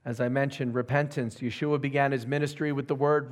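A male pastor delivering a sermon with emphasis. He keeps turning to his listeners with questions. His voice sits at a middle pitch. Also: fairly even intonation, brisk, few pauses. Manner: emphatic, asks the audience questions.

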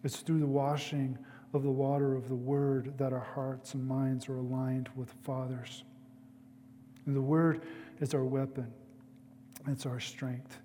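A man's voice: mid-range voice, flat delivery, measured pace, dark tone, a little hiss or hum. Man preaching in a reverberant hall. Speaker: pastor. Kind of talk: sermon.

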